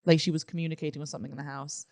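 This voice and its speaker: A young man with a fairly high voice tells a family ghost anecdote in a relaxed, conversational tone. He restarts sentences and corrects himself as he goes. Between stories he offers short listening noises to his co-host. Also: very fast, creaky. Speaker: podcast co-host. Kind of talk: casual conversation.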